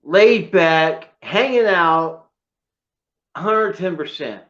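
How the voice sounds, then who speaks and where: A man's voice: high-pitched, extremely slow, dull audio. A man chatting casually as a co-host, telling emotional stories about his collection. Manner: excitable storyteller, emotional and choked up at times. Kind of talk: casual chat.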